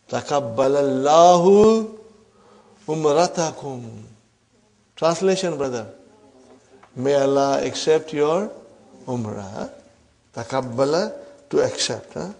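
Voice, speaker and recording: Teaching Arabic grammar, this man peppers students with questions, prompts them with a fast "huh?", and calls them brothers and sisters. His voice is slightly high with a darkish quality.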